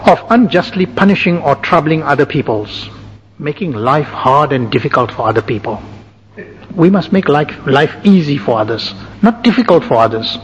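A man giving a sermon, calmly listing and explaining numbered points to his listeners. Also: a little high, normal speed, a little hiss or hum. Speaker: religious teacher. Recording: dull, echoing hall recording.

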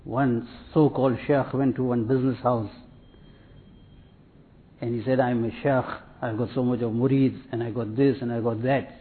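A man giving a sermon in a measured, repetitive preaching cadence, telling anecdotes. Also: medium pitch, fairly even intonation. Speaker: Islamic preacher. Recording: tinny phone-like audio.

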